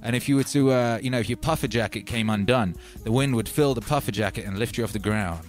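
A man hosts a livestream, talking in a loose, rambling way that keeps circling back with "you know." His pitch sits in the middle of the male range. Music plays clearly underneath him. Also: quick pace. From North Wales. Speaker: livestream host. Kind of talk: rambling casual livestream chat.

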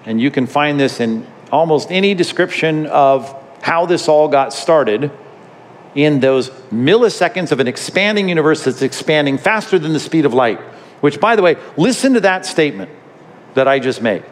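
A man's voice: a little high, animated, moderate pace, big-room sound. A man, a pastor, teaching in a conversational, emphatic way, often repeating words as he builds a point. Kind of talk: sermon-style podcast teaching.

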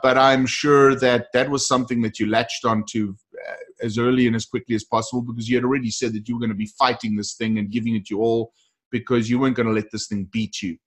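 A man's voice: mid-range voice, level tone, fast talker. A man hosting a faith-based interview and encouraging listeners in a preacher-like way. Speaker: host.

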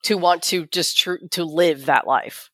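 A woman's voice: on the low side, a little slow, fairly bright tone, dry recording, studio quality. A woman co-hosting a casual podcast, giving emphatic opinions with laughs, recovering from the flu. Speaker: podcast co-host. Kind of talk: casual recap chat.

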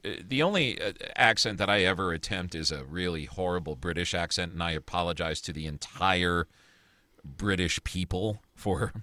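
Recorded dry, this podcast co-host speaks in a low-sitting, bright, forceful voice. His casual movie reviews are strongly opinionated and meandering, full of false starts and cursing.

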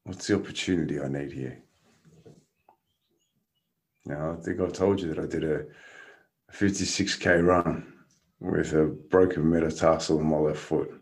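A man's voice: very deep voice, unhurried, long pauses. A man, a guest casually telling a story and laughing through it. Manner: animated, laughs through his stories.

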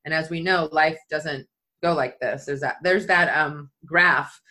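A woman's voice: low voice, measured pace, pushed and bright. A middle-aged woman, a skydiving athlete and leadership speaker, telling a personal story in conversation and acting out quotes.

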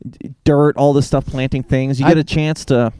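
A man's voice: medium pitch, steady tone, normal speed, warm tone, smooth. A man co-hosting a podcast, throwing in dry, sarcastic quips in casual chat. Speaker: podcast co-host.

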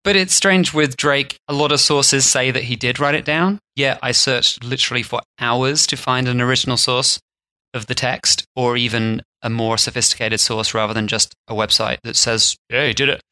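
Man, podcast co-host, casual storytelling, bright tense tone, playful asides. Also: medium pitch, steady tone, moderate pace, no echo. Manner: storytelling, puts on mock accents for humor. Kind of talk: casual chat.

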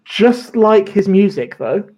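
A man's voice: high voice, sing-song, slow, dull audio, heavy background noise. Chatty man telling lawyer stories. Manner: chatty, swears and laughs often, many fillers. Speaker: podcast guest, former lawyer. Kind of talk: casual chat, storytelling.

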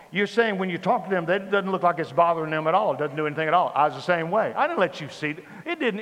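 A man giving a sermon testimony, telling his story with lively repetition. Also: fairly high pitch, big-room sound. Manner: animated storytelling with repeated phrases. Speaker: preacher.

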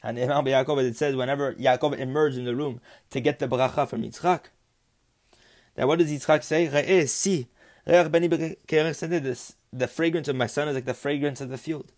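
Male Torah teacher at an ordinary pitch, explaining Hebrew terms in a rhythmic, repetitive teaching style. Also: fairly even intonation, brisk, a little mellow. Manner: explains Hebrew terms then translates them; rhythmic, repeats phrases with rising emphasis. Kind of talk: religious text lesson.

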